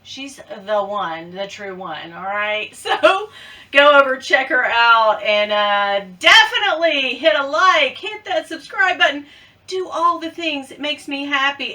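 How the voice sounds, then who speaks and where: A woman vlogger chatting casually to camera about luxury bags, playful and quick to giggle. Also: sits high, lively intonation, bright, forceful tone, distant mic, poor audio.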